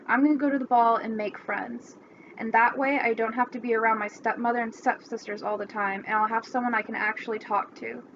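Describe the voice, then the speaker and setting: A woman's voice: fairly high pitch, steady tone, a little fast, a bit bright. A woman voicing Cinderella, a sad, lonely young woman who talks tearfully and pleads, in a slightly muffled recording with faint hiss.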